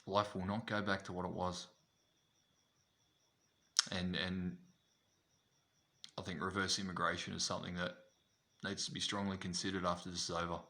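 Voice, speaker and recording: An Australian man with a fairly low voice rants straight to camera. He talks bluntly, swears freely and keeps repeating his points. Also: little pitch movement, moderate pace, pauses often, pushed and bright. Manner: blunt, profane, repetitive. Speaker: vlogger. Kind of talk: ranting to camera.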